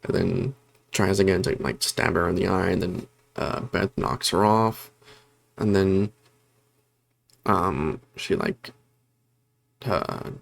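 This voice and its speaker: Speaking slowly in a low voice with vocal fry and frequent pauses, a man rambles through a horror movie's story for his review channel. Fillers and self-corrections pile up, and he apologizes for being disorganized.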